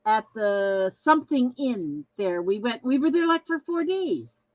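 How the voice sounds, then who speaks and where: Cheerfully rambling through viewer comments on her craft livestream, this older woman from Minnesota, US, often trails off and restarts her sentences. Her fairly high voice swings widely in pitch at a slightly slow pace. The recording is close, dry and a bit muffled, with no echo.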